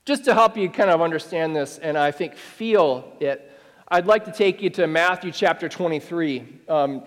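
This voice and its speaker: A man's voice: on the high side, normal speed. A male pastor preaching a sermon, emphatic and conversational, with wry asides. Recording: long hall reverb.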